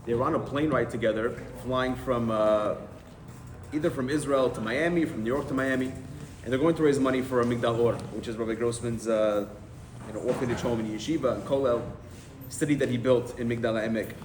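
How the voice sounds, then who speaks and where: A man, a rabbi, telling stories to a group of men and acting out the people in them. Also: mid-range voice. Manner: animated storyteller, acting out the people in his stories. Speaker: rabbi giving a talk. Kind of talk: storytelling talk. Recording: echoey room with faint noise.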